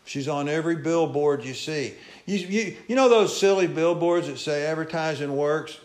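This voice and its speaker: Preacher man, echoey sanctuary. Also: normal speed. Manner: folksy preaching, swings between loud calls and low asides. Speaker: pastor. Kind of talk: sermon. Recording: echoey church room.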